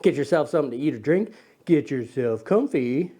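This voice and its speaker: A man's voice: medium pitch, animated, a little fast, dark tone, soft background music. A man hosting a casual camera show, joking around, teasing a little sidekick and rambling with self-corrections. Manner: playful, teasing, talks to a little buddy sidekick; loose and rambling, with many ums and self-corrections. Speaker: camera channel host.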